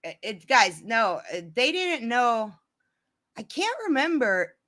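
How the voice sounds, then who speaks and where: A woman tells a long story to her viewers in an unscripted, casual way. Her voice sits a little high and has a bright, forward edge, and she circles back and restarts as she goes. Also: very animated, slow. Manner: rambling, many restarts and "you know"s.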